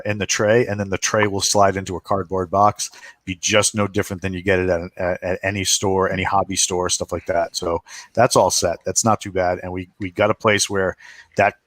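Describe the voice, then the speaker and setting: A man on a podcast panel, talking casually and filling pauses with lots of uh and um. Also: low voice, no echo. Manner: rambling with frequent uh and um fillers.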